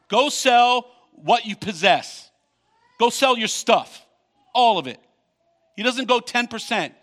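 A male pastor preaching a sermon, reading scripture aloud and breaking in with quick comments of his own. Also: sits high, lively intonation, bright, forceful tone. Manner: reads scripture, then comments with quick asides and laughs.

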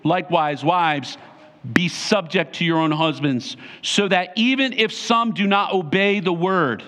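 A man's voice: high-pitched, a little slow, a bit bright. A male pastor preaching a sermon emphatically, repeating short phrases for emphasis.

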